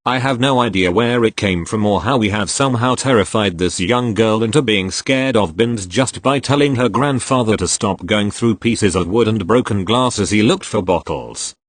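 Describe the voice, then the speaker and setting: Guy reading retail stories out loud, lively up-and-down voice, dry close mic. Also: lowish voice, no echo. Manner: expressive storytelling delivery. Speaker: story reader. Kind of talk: reading online posts aloud.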